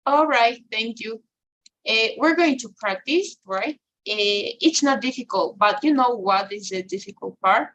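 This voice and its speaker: A woman's voice: on the high side, animated, unhurried, fairly bright tone, dull audio. Woman teaching English grammar, Spanish native. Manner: explains patiently, tags "right?" after nearly every phrase. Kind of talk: online grammar lesson.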